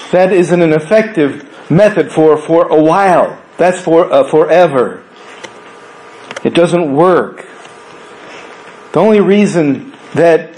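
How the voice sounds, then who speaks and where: Male pastor, slightly higher voice, preaches conversationally with rhetorical questions and swings from emphatic to hushed. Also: low-quality recording. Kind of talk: sermon.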